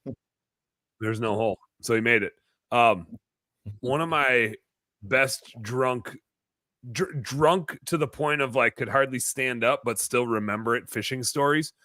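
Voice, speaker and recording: Podcast host guy, sharp bright voice, dry close sound, deadpan teasing. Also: mid-range voice, unhurried, pauses often, dry recording. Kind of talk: casual chat.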